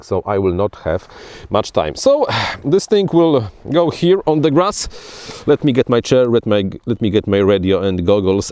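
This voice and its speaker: A man's voice: medium pitch, warm tone, clear, resonant tone, no echo. A man giving casual, chatty commentary while flying a drone outdoors, often restarting and repeating his words. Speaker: FPV drone reviewer. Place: outdoors on grass.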